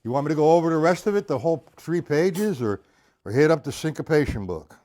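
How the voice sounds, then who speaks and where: A man's voice: on the high side, expressive, fast talker, warm tone. A man teaching drums on a live stream, chatting casually and counting beats aloud. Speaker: drum teacher. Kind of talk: live-streamed drum lesson.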